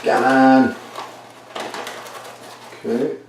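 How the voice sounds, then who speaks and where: Speaking at medium pitch with fairly even intonation, drawn-out words, and a creaky quality, a man talks casually while baking at home for a video. He rambles and pokes fun at himself mid-task. A distant camera mic captures the echoey kitchen and slight background noise.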